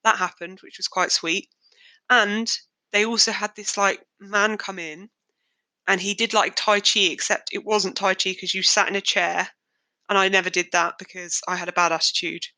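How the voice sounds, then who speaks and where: Candid young woman, bright dry voice. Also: mid-range voice, steady tone, moderate pace, no room sound, rough recording. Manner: candid, wry, darkly joking. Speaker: podcast host. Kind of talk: personal storytelling monologue.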